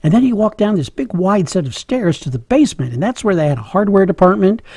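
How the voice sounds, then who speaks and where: A man's voice: high voice, very animated, fast, a little mellow, breathy edge, no room sound. A middle-aged man telling a funny personal story, chuckling often and joking at his own expense. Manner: humorous, chuckling, self-mocking.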